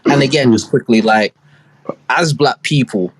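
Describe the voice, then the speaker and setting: Husky man telling a long story. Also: mid-range voice, a little slow, dry recording. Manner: rambling storytelling full of slang and fillers. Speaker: podcast co-host. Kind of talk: casual chat.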